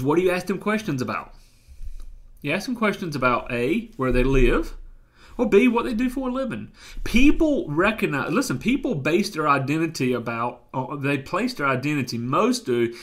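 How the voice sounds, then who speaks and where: A man's voice: fairly high pitch, a bit bright. A man with a Southern US accent giving a motivational coaching talk, emphatic and repeating phrases as he restarts his thoughts. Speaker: life coach.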